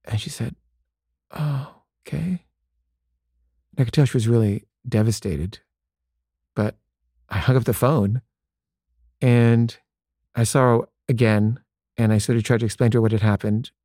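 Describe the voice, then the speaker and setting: A man's voice: lowish voice, steady tone, moderate pace, pauses often, warm tone, no room sound, studio quality. A man telling a personal story in a loose conversational way, full of "like" fillers and acted-out bits of dialogue. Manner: conversational, frequent "like" fillers, acts out quoted dialogue.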